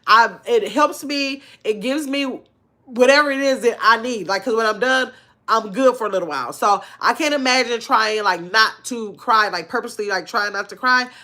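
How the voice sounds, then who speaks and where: A woman's voice: on the high side, moderate pace. A middle-aged woman hosts a casual livestream. She reads viewers' comments aloud and answers them in a chatty, heartfelt way, with plenty of ums and restarts. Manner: warm conversational, reads chat aloud, frequent fillers. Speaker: livestream host.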